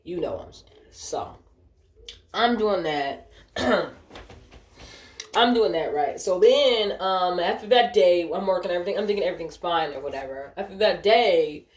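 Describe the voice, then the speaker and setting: A woman's voice: fairly low pitch, normal speed. Profane ranting woman in an echoey room. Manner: profane, ranting, easily distracted. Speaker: streamer telling a work story. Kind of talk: casual storytime while gaming.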